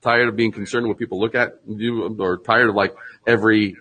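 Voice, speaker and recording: A man being interviewed as a branding expert, explaining in an animated conversational way, acting out mock sales pitches and laughing often. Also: brisk, rough recording.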